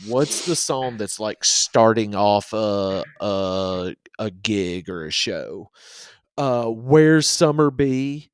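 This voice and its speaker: A man co-hosting a casual music podcast, halting and searching for words as he talks. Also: fairly low pitch, clean tone, no room sound. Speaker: podcast co-host. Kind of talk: casual chat about music.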